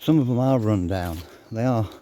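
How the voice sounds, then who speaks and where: An older man rants bluntly to his viewers, swearing as he goes and audibly short of breath. His voice is dark and mellow, with a faint outdoor hum of birds and country air behind him. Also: lowish voice, moderate pace. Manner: blunt, swears freely, grumbling. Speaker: vlogger. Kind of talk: casual ranting monologue.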